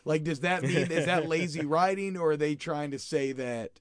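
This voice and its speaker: A man's voice: on the high side, normal speed, dry recording. A man hosting a casual podcast discussion about a film. He rambles, restarts his sentences and asks lots of questions. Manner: rambling, self-correcting, questioning.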